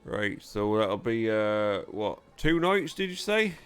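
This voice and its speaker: A man's voice: on the low side, very animated, takes it slowly, clear, resonant tone. A man voicing a blunt, money-minded Yorkshire innkeeper who teases and haggles, with music behind. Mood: businesslike.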